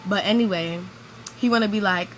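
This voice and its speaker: A woman talks straight to camera in a loose, rambling rant, circling back and restarting her sentences. Her voice sits at an ordinary middle pitch. A faint hiss of background noise runs under her words. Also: fairly quick. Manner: rambling, venting, heavy use of "like". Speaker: vlogger. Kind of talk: ranting vlog monologue.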